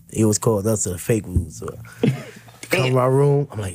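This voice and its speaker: Animated, gravelly man telling stories. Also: lowish voice, normal speed. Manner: animated, laughs often, plays the people in his stories. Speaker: podcast guest. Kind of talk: casual storytelling.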